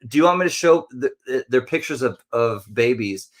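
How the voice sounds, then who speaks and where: A man chatting on a livestream in a friendly, rambling way at a middle pitch. He greets viewers one by one and now and then breaks into playful high-pitched bits. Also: expressive, normal speed. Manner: friendly, rambling, jumps into silly high voices. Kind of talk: casual livestream chat.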